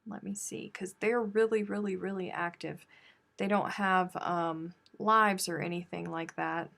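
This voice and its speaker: A woman with a low, gravelly voice hosts a casual live stream, chatting freely and answering viewers as their comments come in. Her talk jumps between easygoing chatter and loud, animated exclamations. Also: measured pace. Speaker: crochet live-stream host.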